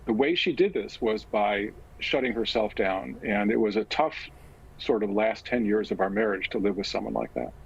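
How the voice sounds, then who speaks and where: An older man and physician, recounting a personal story slowly and with measured pauses. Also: fairly low pitch, vocal fry, breathy edge, lo-fi sound. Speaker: guest, physician and author.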